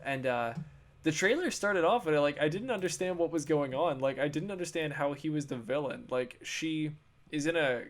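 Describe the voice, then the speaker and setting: A man's voice: fairly high pitch, normal speed. A young man co-hosting a casual podcast, rambling through a story with many fillers. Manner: rambling, lots of fillers and retold quotes. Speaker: podcast co-host. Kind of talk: casual chat.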